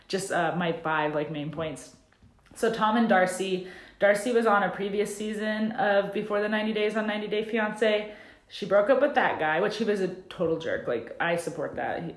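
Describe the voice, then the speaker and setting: Chatty woman podcaster in an echoey room. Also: lowish voice. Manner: chatty, laughs often, many "like" fillers. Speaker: podcast co-host. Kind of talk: casual chat recapping a TV show. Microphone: no proper mic. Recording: echoey room, no proper mic.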